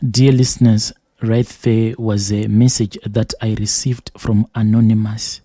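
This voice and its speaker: A man hosting a show who reads a listener's letter aloud in a steady, measured first-person delivery. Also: on the low side, dry recording, clean studio sound. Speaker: host reading listener confessions.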